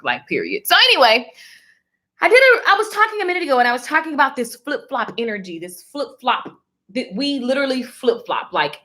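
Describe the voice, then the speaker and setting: A woman's voice: a little high, pushed and bright. A woman hosting a motivational live stream, talking animatedly and in a preachy tone, calling her viewers darling. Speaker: livestream host.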